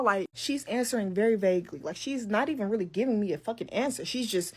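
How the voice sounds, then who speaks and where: A woman's voice: medium pitch, quick pace, few pauses. A young woman telling a story in casual, profane talk, acting out what others said. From Detroit. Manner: animated, profane, quoting others in raised voices.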